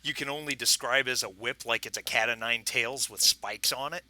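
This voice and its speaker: A man's voice: mid-range voice, moderate pace, bright, forceful tone, no echo. A man narrating a tabletop game as game master, chatty with many fillers and restarts. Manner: chatty, frequent fillers and restarts, laughs often.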